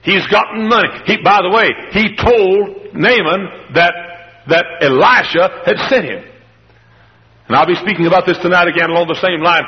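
A man preaching a revival sermon, acting out the people in the story and shouting at its high points. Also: moderate pace, long reverb tail, muffled recording. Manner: dramatic, acts out the characters in the story, shouts at climaxes.

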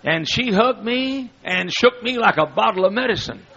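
Folksy preacher guy, bit high voice, dull old tape sound. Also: animated, normal speed, creaky, slight background noise. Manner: folksy, humorous storytelling with loud bursts. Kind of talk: storytelling sermon. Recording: dull lo-fi recording.

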